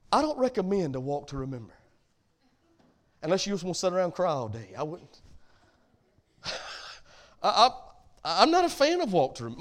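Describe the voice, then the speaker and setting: High, lively preacher man. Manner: folksy, rises to emphatic preaching. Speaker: pastor. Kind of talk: sermon.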